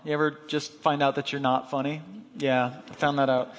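A man's voice: medium pitch, level tone, brisk, a little hiss or hum. A man telling a personal story as part of a sermon, casual and chatty, with many fillers and asides. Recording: long hall reverb.

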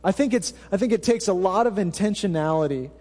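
Man, pastor, high voice, casual humorous sermon, long hall reverb. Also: lively intonation, brisk, a little mellow. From Alaska. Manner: conversational, humorous preaching with asides to the congregation. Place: church hall.

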